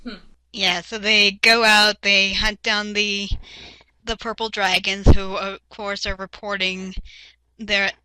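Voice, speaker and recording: A woman's voice: mid-range voice, flat delivery, slow, pushed and bright, clear, resonant tone, no echo, low-quality recording. A young woman co-hosting a casual fan chat, sharing show trivia with lots of fillers. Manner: chatty, shares trivia with hesitant fillers. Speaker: podcast co-host.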